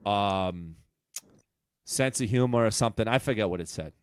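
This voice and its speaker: A comedian with a New England accent telling a profane, self-mocking story on a podcast. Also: male voice, lowish voice, moderate pace, pauses often, clear, resonant tone, dry recording, clean studio sound. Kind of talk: casual storytelling chat.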